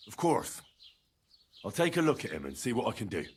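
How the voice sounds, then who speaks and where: Shrewd young healer, husky voice, lively pitch, calm game dialogue. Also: male voice, brisk, heavily acted. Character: young man bargaining as a village healer.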